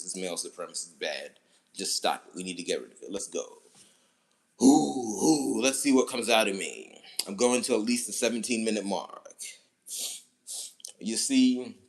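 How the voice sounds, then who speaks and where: Emphatic man on a solo livestream, lowish voice. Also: fairly bright tone. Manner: emphatic, declarative, repeats short phrases; breaks into rhythmic chanting. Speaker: livestream commentator. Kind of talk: livestream monologue.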